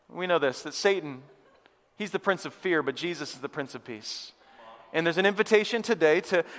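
A man with a high, light voice preaches to his congregation, moving from scripture reading to earnest, conversational talk. He calls out for the room to answer him. His words ring out with a long church reverb behind them. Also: a bit bright. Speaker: pastor. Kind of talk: sermon. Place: church sanctuary.

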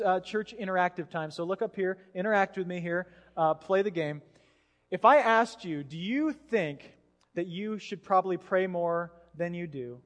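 Male pastor, thirties, high voice; casual conversational sermon in a reverberant church hall. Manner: casual, chatty, acts out voices in anecdotes. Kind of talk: sermon with storytelling.

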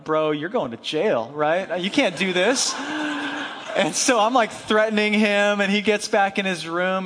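A man's voice: high voice, fairly bright tone. A man telling a personal story as part of a sermon, casual and chatty, with many fillers and asides. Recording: long hall reverb.

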